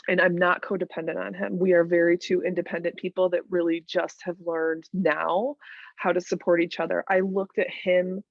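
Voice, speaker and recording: Podcast guest: earnest middle-aged woman, lowish voice, dry dull lo-fi sound, emphatic and repetitive. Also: vocal fry, no echo. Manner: earnest, emphatic, repeats phrases for weight. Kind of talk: candid conversational interview.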